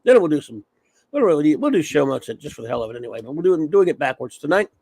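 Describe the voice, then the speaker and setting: A man's voice: on the high side, very animated, fast talker, vocal fry, mellow, breathy edge, no room sound. A man hosting a casual livestream, rambling as he reads off viewer names. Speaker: livestream host. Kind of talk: casual chat.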